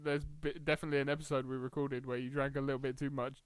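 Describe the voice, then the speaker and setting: A man's voice: mid-range voice, level tone, quick pace, clear, resonant tone, dry recording. A man co-hosting a podcast, teasing his partner, giggling and sounding sceptical. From England. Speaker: podcast co-host and editor. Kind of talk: casual podcast banter.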